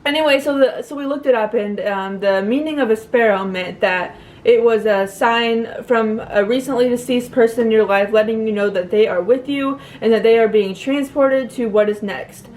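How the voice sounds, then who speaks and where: A young woman speaking to her viewers in a personal vlog, emotional and close to tears, halting with many fillers and restarts. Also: a little high, a little mellow. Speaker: vlogger.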